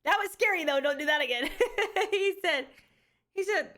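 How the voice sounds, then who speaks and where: A woman streamer chatting casually with her viewers, animated and candid, often laughing and swearing freely. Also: very high voice, moderate pace. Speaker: live streamer.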